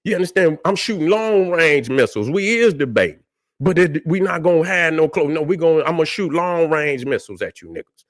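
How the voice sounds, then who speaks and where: Man, fairly high voice, delivering a combative, profane livestream sermon with a dry close mic. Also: animated, a little fast, no room sound. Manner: combative, repetitive "you see what I'm saying", profane. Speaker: livestream host. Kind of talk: preaching livestream monologue.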